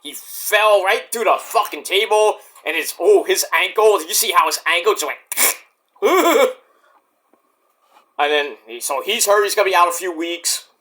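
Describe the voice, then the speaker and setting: In an unhurried, high voice, a young man rambles through a casual wrestling event review. He swears freely, gets excited, and erupts into sudden shouts.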